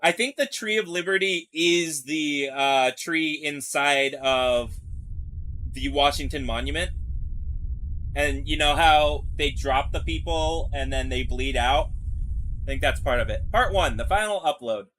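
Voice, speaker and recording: A man's voice: fairly high pitch, a little slow, fairly bright tone, a little hiss or hum. A man streaming live, reading captions aloud from a video and stopping to comment on them. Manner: reads on-screen text aloud, then comments. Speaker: streamer reacting to a video series. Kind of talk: live reaction with read-alouds. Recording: music playing behind the voice.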